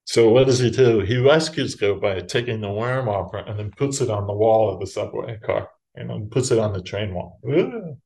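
Middle-aged male monk, lowish voice, relaxed self-mocking storyteller who laughs and mimics others. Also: moderate pace, vocal fry, hardly any pauses. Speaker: Buddhist monk teacher. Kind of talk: dharma talk storytelling.

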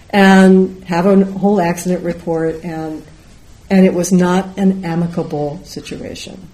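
A middle-aged Zen teacher gives a dharma talk in a lowish voice with a dark tone. She tells a story and acts out the voices of the people in it. The recording is rough, with slight background noise.

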